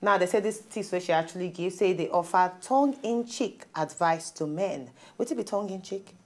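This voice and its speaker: A woman's voice: on the low side, moderate pace. A woman with a Nigerian accent hosting a studio talk show, chatting casually in pidgin and reading out stories. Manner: animated, laughs often, reads out stories.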